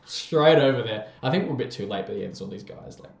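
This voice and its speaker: A man's voice: lowish voice, animated, quick pace, gravelly, reverberant. A young Australian man with an Australian accent, telling rambling stories in casual chat, swearing and laughing often.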